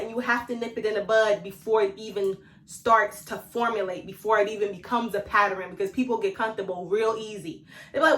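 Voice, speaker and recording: A woman's voice: mid-range voice, steady tone, a little fast, fairly bright tone. A woman vlogger giving self-care tips in a casual, slangy, chatty way, talking straight to her viewers and laughing often. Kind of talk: casual talk to camera. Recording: echoey room, mic at a distance.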